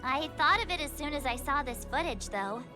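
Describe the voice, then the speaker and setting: An actress playing an eager, talkative young female sidekick in a video game, telling a story with lively energy. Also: high-pitched, fairly quick, music in the background. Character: bright, chatty young woman sidekick.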